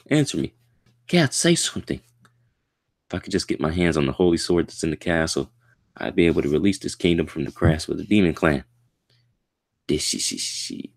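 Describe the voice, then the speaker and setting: A man reading a manga chapter aloud and reacting to it in a casual, slangy way, with excitable outbursts. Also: deep voice, gravelly.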